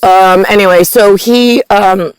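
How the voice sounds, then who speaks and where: Woman, slow, rambling, dry close sound, meandering talk. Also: mid-range voice, fairly even intonation, smooth, no echo. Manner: disjointed, meandering, full of fillers and stray foreign words. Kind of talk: rambling monologue.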